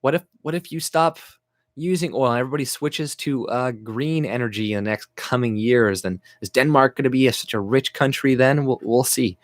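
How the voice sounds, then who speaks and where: A man's voice: medium pitch, normal speed, dry recording, studio quality. A man hosting a casual livestream rant, talking bluntly, swearing and laughing often. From Canada. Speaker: livestream host.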